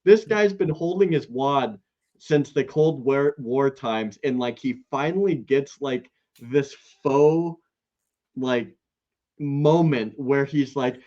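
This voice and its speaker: A man co-hosting a podcast in casual chat, rambling with many fillers and wide swings in pitch. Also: takes it slowly, warm tone. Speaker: podcast co-host. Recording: slightly dull, lo-fi sound.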